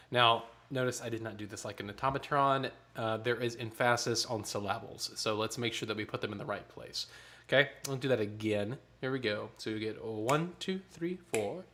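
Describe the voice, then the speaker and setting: A man's voice: medium pitch, fairly quick, bright, forceful tone. A man leading an online choir rehearsal, explaining the tenor parts and counting off rhythms, with a piano nearby. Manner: instructive, counts and sings parts aloud. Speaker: choir director.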